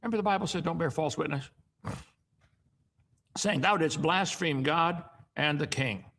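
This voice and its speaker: A man's voice: a little high, normal speed, fairly bright tone. A middle-aged man reading Bible passages aloud and breaking off into folksy asides that often end in "okay?". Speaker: Bible teacher. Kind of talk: reading and commenting on scripture.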